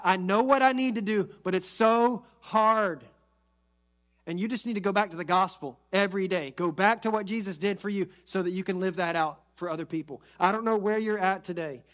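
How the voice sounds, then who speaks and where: A pastor preaching a sermon with earnest conviction, building to emphatic peaks and then dropping soft and slow. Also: male voice, high voice. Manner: repeats key phrases, slows for emphasis.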